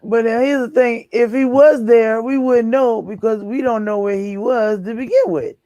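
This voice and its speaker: A man chatting casually in a group call, chatty and quick to laugh. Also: very high voice, steady tone, warm tone, dry recording, lo-fi sound.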